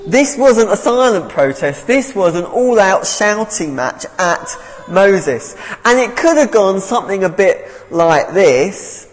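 Male preacher, earnest and unhurried, with a bouncy, animated delivery. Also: high voice, in a large hall, poor audio. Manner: earnest, repeats words as he goes. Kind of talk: sermon.

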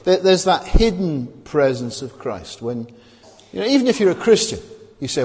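A man preaching a sermon in a conversational way, asking rhetorical questions and often pausing with hesitations. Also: sits high, big pitch swings, vocal fry, a little mellow. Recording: long hall reverb.

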